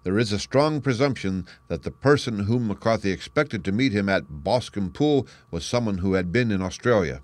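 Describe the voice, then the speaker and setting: Sherlock Holmes, crisp and assured, voiced by a man reading. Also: fairly low pitch, animated, darkish tone, no echo, close to an everyday voice. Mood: explaining. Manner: brisk, crisp, declaiming deductions. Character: sharp, confident male detective, lively and assured. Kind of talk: audiobook character reading.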